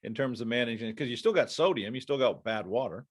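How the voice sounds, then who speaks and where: A man hosting a podcast, keeping it conversational with short follow-up questions and quick reactions. His voice sits at an everyday middle pitch. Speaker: podcast host. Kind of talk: casual podcast interview.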